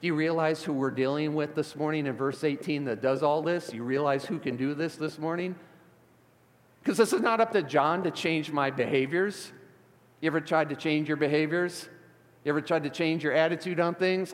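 A middle-aged man from the Chicago area preaches in a church sanctuary, his voice sitting a little high for a man. He talks to the congregation like a friend, then presses his points with rising fervor. A long church reverb trails his words. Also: fairly quick. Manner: conversational preaching, building to fervent emphasis. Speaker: pastor. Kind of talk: sermon.

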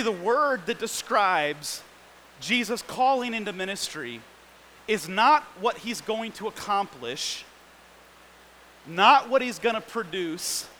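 Male preacher, sermon, earnest emphasis, high voice, slight background hiss. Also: big pitch swings, slow pace, pauses often, pushed and bright, rough recording.

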